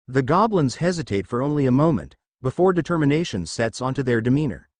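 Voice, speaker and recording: A man's voice: mid-range voice, very animated, a little fast, few pauses, darkish tone, dry recording. Man narrating a fan fiction story.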